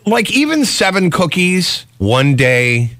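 A man's voice: high-pitched, big pitch swings, takes it slowly, a bit bright, no echo, clean studio sound. A man co-hosts a morning radio show with a joking, chatty manner. His intonation moves around a lot as he tells stories and reads the weather. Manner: jokey, chatty, reads station IDs and weather. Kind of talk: casual radio banter. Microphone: studio microphone.

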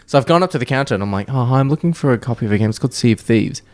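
A man's voice: mid-range voice, lively intonation, very fast, no echo. A man co-hosting a podcast, telling a rambling story in casual chat and swearing now and then. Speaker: podcast co-host.

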